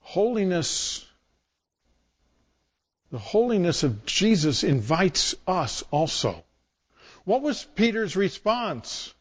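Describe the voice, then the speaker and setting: A man's voice: sits high, very animated, slow, long pauses. A man preaching a sermon in a storytelling way, acting out scenes with different voices.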